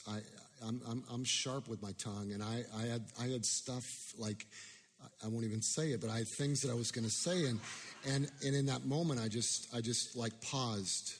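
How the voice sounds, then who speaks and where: A man's voice: medium pitch, in a large hall. A man preaching a sermon, telling a personal story in a self-deprecating way with many restarts.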